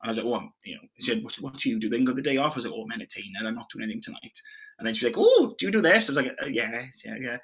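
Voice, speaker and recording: A man's voice: mid-range voice, very animated, racing, few pauses, a bit bright, slightly rough. A man telling stories in a casual chat as a podcast co-host. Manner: chatty storyteller, says mate often.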